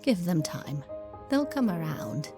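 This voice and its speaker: A woman voicing a kindly elderly grandmother pony who talks in a gentle, reassuring way in a fan audio drama. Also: fairly low pitch, big pitch swings, takes it slowly, over music. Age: older.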